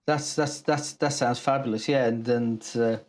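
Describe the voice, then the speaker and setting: A middle-aged man co-hosting a casual business chat from an office, halting and repeating words, with a dry sense of humor. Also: mid-range voice, steady tone. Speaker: co-host, business trainer. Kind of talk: casual live-stream chat.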